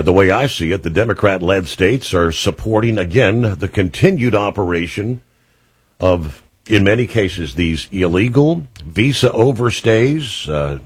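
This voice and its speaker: A man's voice: low voice, husky, no echo. A man hosting a call-in radio talk show, talking in a folksy, conversational way with fillers and repeats.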